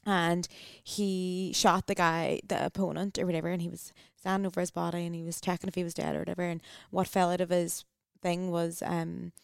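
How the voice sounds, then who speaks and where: A woman hosting a podcast, her voice carrying a gravelly, vocal-fry edge. She tells stories with animated, casual energy and an occasional swear. The recording is dry and close, with no room sound. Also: fairly low pitch, fairly quick, few pauses, no echo. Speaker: podcast host. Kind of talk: casual chat.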